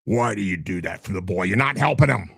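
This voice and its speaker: A man's voice: sits low, expressive, fairly quick, creaky, a bit bright, husky, dry recording, clean studio sound, pitched below the performer's own voice, exaggerated voice. A man voicing a stern, disapproving father scolding his grown son. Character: gruff, disapproving rural father.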